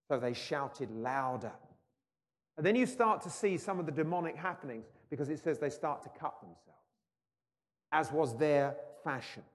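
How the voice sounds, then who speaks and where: A male preacher delivering a sermon with dynamic swings between ringing proclamation and near-whispered intensity. His voice sits fairly high for a man, and it rings out with a long reverb as though he is in a large hall. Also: expressive, normal speed. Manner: mocking taunts when acting out scripture scenes.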